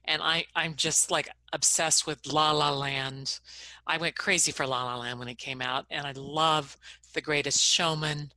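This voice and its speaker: A woman co-hosts a relaxed conversation and gushes enthusiastically about the things she loves. Her voice sits very low but has a bright, forward tone. She talks in a warm, eager way. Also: unhurried, dry recording. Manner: enthusiastic, gushing about favorites. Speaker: co-host. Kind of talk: casual chat.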